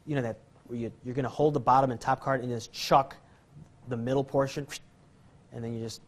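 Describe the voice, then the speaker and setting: A man's voice: mid-range voice, fairly even intonation, fairly quick. Jokey rambling magic teacher, a man. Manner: rambling, jokey, self-deprecating, chuckles often. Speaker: magic instructor. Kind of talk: casual card-trick tutorial.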